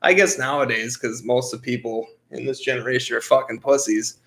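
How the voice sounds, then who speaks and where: A man's voice: mid-range voice, steady tone, a little fast, gravelly, a bit bright. Man, twenties, podcast co-host, casual rambling storytelling, blunt and heavy on swearing.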